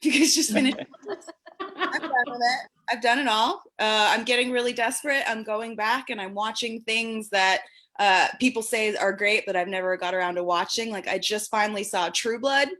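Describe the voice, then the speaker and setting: A woman's voice: a little high, normal speed, a bit bright. Sardonic woman telling dating stories. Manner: casual, sardonic storytelling with acted quotes. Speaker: stand-up comedian. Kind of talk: stand-up set on a comedy show.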